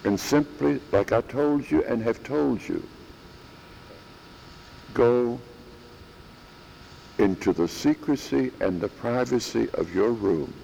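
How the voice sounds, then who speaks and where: A man preaching a sermon in a church, slow and emphatic, repeating phrases for stress. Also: mid-range voice, vocal fry, warm tone, long reverb tail, a little hiss or hum, low-quality recording.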